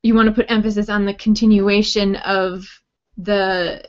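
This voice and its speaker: A woman's voice: mid-range voice, level tone, normal speed, dull audio. A woman teaching a writing workshop on grammar, explaining in a friendly way with light joking asides. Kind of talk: recorded grammar lesson talk.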